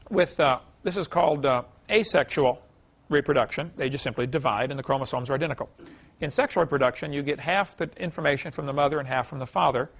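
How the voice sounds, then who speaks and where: A man lecturing a class in a folksy, anecdotal way. His voice sits a bit high and has a gravelly edge. He chuckles often and fills his talk with "you know.".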